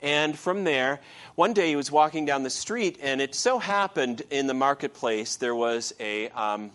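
A man's voice: medium pitch, expressive, unhurried, a bit bright. A male pastor preaching a sermon in a conversational way, with frequent "okay" check-ins and fillers.

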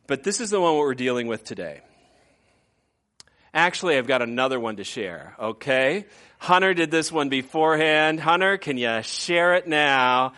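A man's voice: on the high side, moderate pace. A man in his fifties preaching a conversational sermon as pastor, often acting out what people say. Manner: conversational, animated, acts out quoted voices.

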